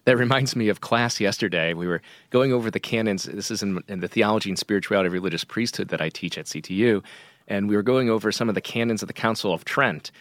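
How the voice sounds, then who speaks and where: Low-voiced man hosting a chat. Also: fast talker, a bit bright, dry recording. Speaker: podcast co-host and theology teacher. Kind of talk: casual conversation.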